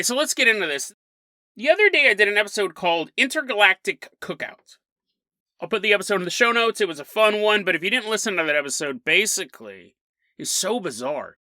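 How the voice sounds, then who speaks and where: Guy doing a solo podcast, bright voice, rambly and laughing as he tells it. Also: sits high, dry recording. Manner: chatty, animated storytelling with frequent laughs. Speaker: podcast host. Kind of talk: casual solo podcast monologue.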